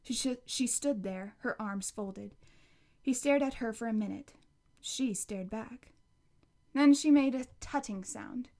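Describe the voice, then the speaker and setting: A woman's voice: a little high, unhurried, mellow. A woman narrating a novel as an audiobook, reading steadily with occasional slips and restarts. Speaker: audiobook reader.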